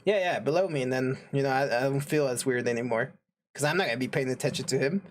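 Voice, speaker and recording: A man's voice: medium pitch, fast, slight background noise. A young man casually telling a story on a podcast, rambling with lots of fillers and laughing often. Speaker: podcast co-host.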